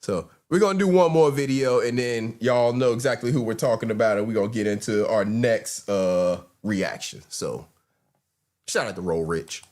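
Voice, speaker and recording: A man's voice: on the low side, moderate pace, a little mellow. A man hosting a reaction show, bluntly commenting on clips and calling his viewers y'all. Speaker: host.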